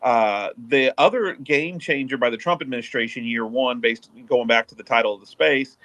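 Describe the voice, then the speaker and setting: A man talking casually and haltingly, full of pauses and fillers. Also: medium pitch, a bit bright, no room sound. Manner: hesitant, many fillers. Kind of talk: casual chat.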